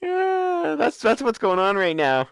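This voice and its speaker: A man hosting a live stream, chatting excitedly and laughing as he plays a game. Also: very high voice, measured pace, vocal fry, no room sound, clean studio sound. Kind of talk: casual gameplay commentary.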